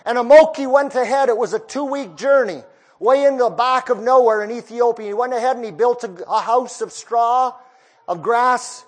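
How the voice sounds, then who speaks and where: A man preaching a storytelling sermon, moving between hushed passages and raised ones. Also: extremely high pitch, moderate pace.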